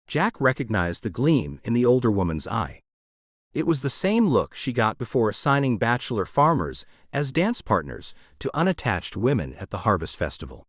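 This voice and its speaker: A man narrating a romantic comedy audiobook with expressive storytelling. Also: on the low side, normal speed, no room sound, studio quality.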